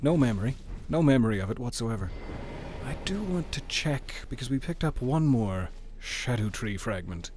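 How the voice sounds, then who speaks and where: A man's voice: mid-range voice, animated, normal speed, a little mellow, a little hiss or hum. Wry, playful man streaming a game. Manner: wry, playful banter with chat. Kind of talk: casual gameplay commentary.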